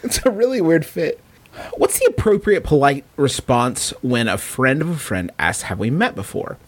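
Male comedy podcast co-host, lively and playful delivery with a wide pitch range. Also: normal speed. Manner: joking, animated, reads listener questions. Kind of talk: casual comedic banter.

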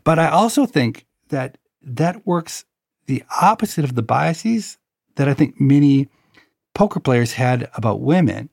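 A man with a gravelly, creaky voice tells a personal anecdote with wry storytelling. His voice sits in the middle range and is recorded dry and close. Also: mid-range voice, very animated, unhurried, a little mellow, dry recording. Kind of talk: conversational storytelling.

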